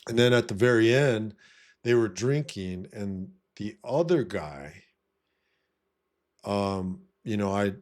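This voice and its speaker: A man's voice: lowish voice, animated, slow, pauses often, darkish tone. A man talking casually to camera, blunt and profane, who keeps saying "you know what I mean". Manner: blunt, swaggering. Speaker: vlogger giving life advice. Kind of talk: casual monologue.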